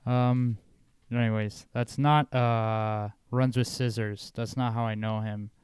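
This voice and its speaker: A man's voice: mid-range voice, fairly even intonation, slow pace, a little mellow, smooth, no echo. A young man co-hosting a podcast, chatting in a rambling, swear-filled way. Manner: rambling, swearing, easily amused. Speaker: podcast co-host. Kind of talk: casual chat.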